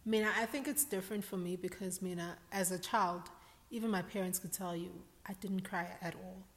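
A blunt, joking woman co-hosting a casual podcast, with a voice of middling pitch. She drops Zulu words into her talk. A long reverb trails behind her. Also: steady tone, fairly quick. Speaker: podcast co-host. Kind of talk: casual chat.

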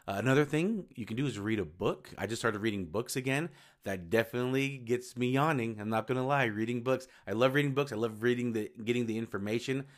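A man's voice: medium pitch, fast talker. A man hosting his own podcast, talking casually and rambling a little as he restarts and corrects himself. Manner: rambling, self-correcting, informal. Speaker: podcast host. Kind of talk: casual solo podcast talk.

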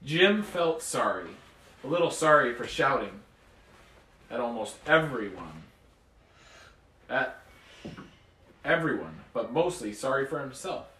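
A father reads a bedtime story aloud in a bedroom, expressive and relaxed. His voice is bright with a lively, wide-ranging pitch. The sound is echoey and picked up from a distance. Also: unhurried, long pauses, slight background noise. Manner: expressive reading aloud, relaxed chat with kids. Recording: echoey room, far from mic.

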